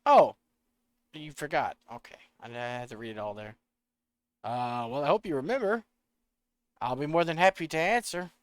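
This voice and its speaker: A man streaming a video game, chatting casually, rambling and swearing in his excitement, with a slight rural American accent. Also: on the high side, moderate pace, long pauses, clear, resonant tone, no echo.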